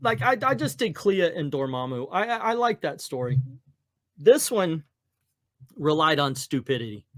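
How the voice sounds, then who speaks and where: A man's voice: a little high, very animated, normal speed, fairly bright tone, no room sound, studio quality. A man hosting a comics podcast, reading aloud and joking casually about the story. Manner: joking, laughs at his own reading.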